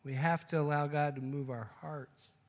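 A man's voice: on the high side, fairly even intonation, moderate pace, long reverb tail. A man preaching a sermon, telling a joke story and then making emphatic, repeated points. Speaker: pastor.

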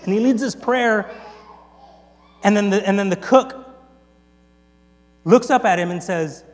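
Guy giving a sermon, kinda high voice, tells it big then goes quiet, long echo in a big hall. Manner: animated retelling with big swings in loudness, quick restarts. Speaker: preacher. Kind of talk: sermon storytelling. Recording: long reverb in a large hall, faint mains hum.

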